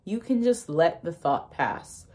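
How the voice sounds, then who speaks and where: A woman's voice: on the low side, lively intonation, slow, darkish tone. A young woman who talks casually and emphatically, laughing often and acting out inner voices as she explains ideas to her viewers. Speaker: manifestation content creator.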